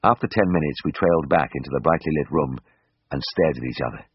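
A man reading a first-person story aloud in a measured, dryly expressive way, in a slightly dull recording. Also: extremely low pitch, slightly rough, dry recording. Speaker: audiobook narrator.

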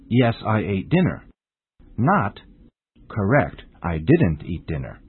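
Male radio English teacher, deliberate, dry thin phone-like sound. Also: fairly low pitch, breathy edge, dry recording. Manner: slow, deliberate, very lively intonation. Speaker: English teacher, show host. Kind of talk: scripted radio lesson. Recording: tinny phone-like band.

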